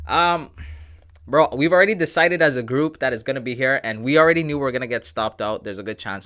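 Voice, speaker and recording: A man's voice: mid-range voice, a bit bright. Laid-back slangy man hosting a livestream. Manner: laid-back, joking, reads chat aloud, slangy. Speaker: livestream trading host. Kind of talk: casual livestream chat with viewers.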